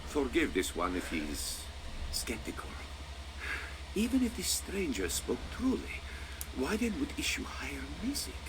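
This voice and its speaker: A man's voice: mid-range voice, wildly swooping pitch, unhurried. An actor voicing an earnest male cat-folk detective in a video game, formal and speaking of himself in the third person. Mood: determined. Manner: formal, refers to himself as "this one". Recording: game audio with clear background noise.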